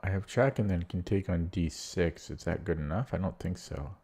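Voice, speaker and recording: Low-voiced man muttering over puzzles. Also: normal speed, warm tone, slightly rough. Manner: muttering to himself, frustrated and exasperated. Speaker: chess streamer. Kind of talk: casual thinking aloud while solving puzzles.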